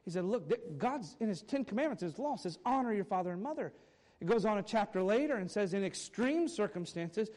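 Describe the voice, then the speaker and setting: Man, high voice, pastor, sermon, earnest and emphatic delivery, church service. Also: a little mellow. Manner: earnest, emphatic preaching with asides.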